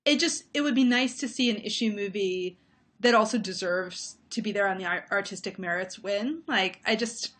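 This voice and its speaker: A woman's voice: medium pitch, normal speed, a bit bright. Woman film critic picking apart movies, thoughtful, lots of ums, on a call. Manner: thoughtful, analytical, with frequent fillers. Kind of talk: casual conversation about movies.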